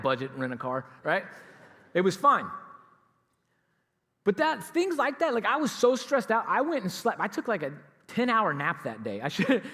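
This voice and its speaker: Man, pastor, storytelling sermon, lively back-and-forth voices, church hall reverb. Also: high voice. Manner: animated storyteller acting out both sides of a dialogue. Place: church sanctuary.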